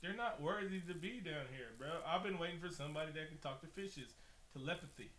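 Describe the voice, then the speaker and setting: A man with a fairly high, bright, forceful voice chats casually on a podcast, cursing freely as he acts out scenes. He is recorded in an echoey room. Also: fast talker, slight background noise. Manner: animated, profane, acts out scenes. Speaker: podcast co-host. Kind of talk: casual movie recap chat.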